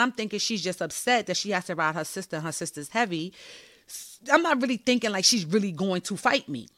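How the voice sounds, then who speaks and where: Brief: woman host, candid and slangy, bright, forceful voice, dry close sound. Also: lowish voice, no echo. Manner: candid and animated, slangy, swears freely. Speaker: podcast host. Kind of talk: personal storytelling monologue.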